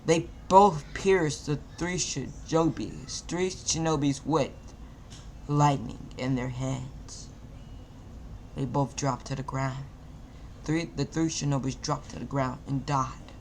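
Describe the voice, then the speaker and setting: A man's voice: medium pitch, slow, vocal fry, a little mellow, a little hiss or hum. A man casually narrating a fan-made anime story, stumbling and repeating words as he goes.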